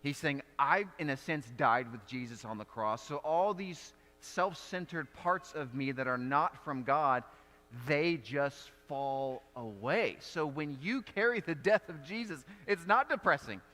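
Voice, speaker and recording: A man preaching a sermon as pastor, telling stories in a conversational, animated way. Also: fairly high pitch, a little slow, long reverb tail. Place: church sanctuary.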